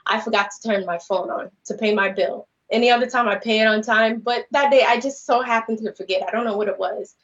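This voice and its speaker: A woman's voice: on the high side, brisk, few pauses, fairly bright tone. A woman guest speaker earnestly retelling a personal story on a podcast, rambling and peppered with "you know" and "like". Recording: slightly dull lo-fi livestream audio.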